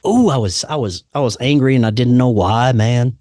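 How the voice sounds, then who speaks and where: A man telling a personal story in casual chat, laid-back and saying "man" and "dude" a lot, doing animated voices for the people he quotes. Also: medium pitch, moderate pace, dry recording, studio quality.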